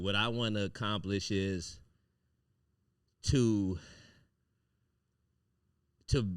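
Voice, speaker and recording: A man's voice: on the low side, a bit bright, clear, resonant tone, dry recording, clean studio sound. A man hosting a casual podcast chat, a rambling, profane storyteller who often restarts his sentences. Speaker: podcast host.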